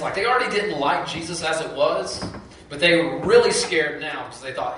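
Man preaching, storytelling style, acts out quotes, bright tone, roomy echo from a distant mic. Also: on the high side, animated, a little fast, a little hiss or hum. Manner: storytelling, acts out quoted voices with repeats and restarts. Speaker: pastor. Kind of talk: sermon.

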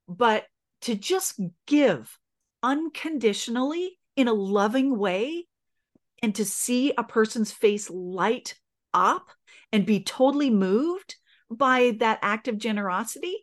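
A woman's voice: on the high side, expressive, takes it slowly. A middle-aged woman speaking as a podcast guest. She tells a personal story earnestly and with feeling, stopping and restarting as she goes.

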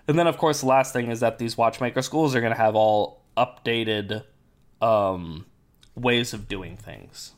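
A man hosting a casual podcast chat, explaining things in a relaxed way with many fillers while his voice is going hoarse. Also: mid-range voice, measured pace. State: losing his voice. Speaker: podcast host.

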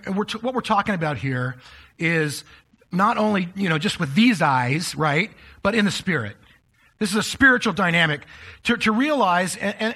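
Before a live church congregation, a pastor preaches conversationally, speaking directly to his listeners. His voice is high and a bit bright.

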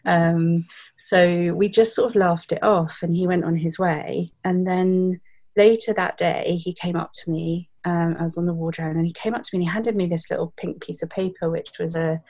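British woman, 30s, interview guest; warm, darker tone, heartfelt and reflective. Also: fairly low pitch, fairly even intonation, moderate pace. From Britain. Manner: reflective, heartfelt, with frequent fillers. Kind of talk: candid interview storytelling.

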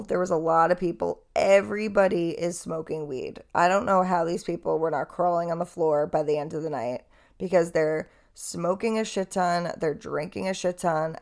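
Young podcast lady rambling through a story, kinda low voice with lots of vocal fry, swears casually. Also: a little mellow. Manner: chatty, candid, swears casually. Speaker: podcast host.

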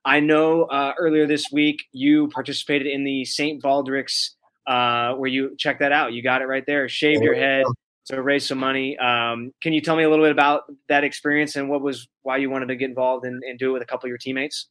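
A man's voice: mid-range voice, little pitch movement, a little fast, a bit bright. A man hosting a casual sports podcast interview, upbeat and chatty with loose banter. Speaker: podcast host.

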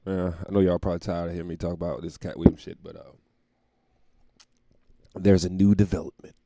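A man's voice: deep voice, little pitch movement, a little fast, creaky, background noise. A young man hosting a podcast from home, telling stories in a loose, profane, laughing way. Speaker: podcast host. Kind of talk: casual comedic storytelling monologue.

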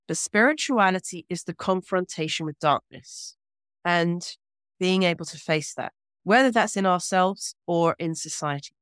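A woman from Britain, a guest scholar speaking in a measured, earnest way with deliberate pauses in an interview. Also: lowish voice, no room sound, clean studio sound. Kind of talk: reflective interview talk.

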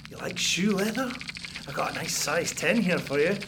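An actor playing an exhausted, paranoid male tenant in an audio drama, muttering and taunting, then bursting into angry shouts. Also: sits high, expressive, normal speed, noisy background. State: exhausted and sleepless. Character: paranoid sleepless male tenant, bitter and unraveling. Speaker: sleepless tenant hearing noises in the walls.

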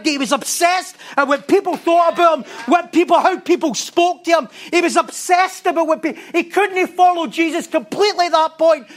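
A male preacher giving an animated sermon, laughing often and putting rhetorical questions to the congregation. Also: very high-pitched, normal speed, hardly any pauses.

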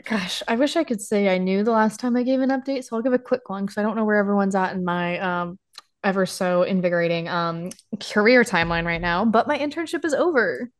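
A woman's voice: mid-range voice, fairly quick. A young adult woman co-hosting a casual podcast, telling her own story with wry, self-mocking humor. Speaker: podcast co-host.

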